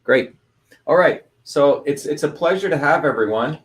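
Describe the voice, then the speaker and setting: A man's voice: a little high, animated, normal speed, breathy edge. A man hosting an online open house, giving a casual livestream lecture in a loose, conversational way full of fillers and restarts.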